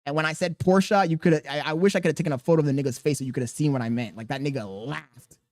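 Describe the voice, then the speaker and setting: A young man hosting a podcast, telling a profane story in a casual, animated way. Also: on the high side, racing, dry recording. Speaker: podcast host.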